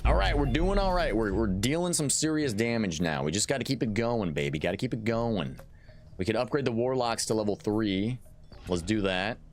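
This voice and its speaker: A man streaming a strategy game who jokes and rambles, often stopping to restart a sentence. His voice sits fairly low but swings widely in pitch when he gets worked up. Faint game music plays behind him. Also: moderate pace. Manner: excitable, jokey, rambling with frequent restarts. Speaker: gaming streamer. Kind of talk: live game commentary.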